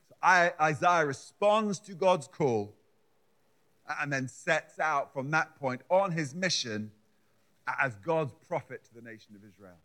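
Slow, emphatic higher-voiced preacher man. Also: expressive, a bit bright. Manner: emphatic, repeats words as he builds a point. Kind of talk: sermon with scripture reading.

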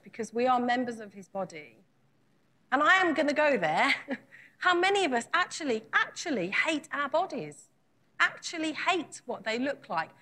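A woman's voice: high voice, pushed and bright. A woman preaching a sermon, retelling scripture in a conversational way and putting earnest, repeated questions to her congregation.

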